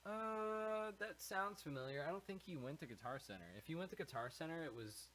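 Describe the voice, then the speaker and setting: Young musician dude, chill and easygoing, remembering old band days, faint hiss. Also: male voice, on the high side, animated, a little fast, a bit bright, low-quality recording. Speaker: podcast guest, musician. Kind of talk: casual chat.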